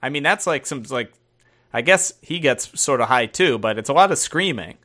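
A man's voice: medium pitch, animated, moderate pace, bright, forceful tone. A man co-hosting a casual podcast chat, playful and jokey. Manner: jokey, playful, quotes people in funny voices. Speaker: podcast co-host.

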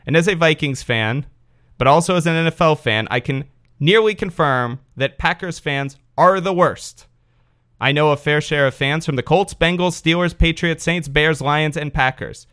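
A man's voice: on the high side, moderate pace, a bit bright, smooth. Sardonic man reading a listener email. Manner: sardonic, joking. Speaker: podcast host.

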